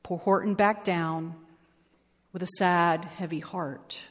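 Woman reading a story slowly, hall echo. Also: fairly low pitch. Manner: expressive, lingering reading. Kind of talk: reading a children's rhyming story aloud. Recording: long hall reverb.

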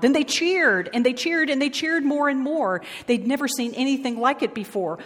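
A woman reading a children's rhyming story aloud with an expressive, lingering delivery. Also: on the high side, moderate pace, few pauses. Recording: long hall reverb.

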